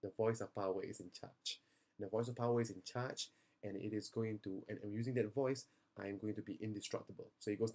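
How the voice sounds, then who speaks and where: A tired young man with a fairly low voice speaks earnestly to parents after a youth seminar. He reassures them in a plain, personal way, full of ums and restarts. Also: steady tone, moderate pace, pauses often, a little mellow. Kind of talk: video message to parents.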